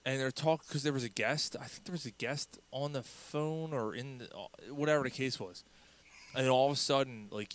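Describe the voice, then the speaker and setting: Relaxed man with halting speech. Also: mid-range voice. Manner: relaxed, halting with repeated words. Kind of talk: casual conversation.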